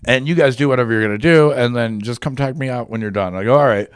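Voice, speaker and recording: A man's voice: medium pitch, fast, smooth, dry recording. A man co-hosting a podcast, telling a crude anecdote in casual chat with acted-out quotes. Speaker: podcast co-host. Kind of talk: casual storytelling.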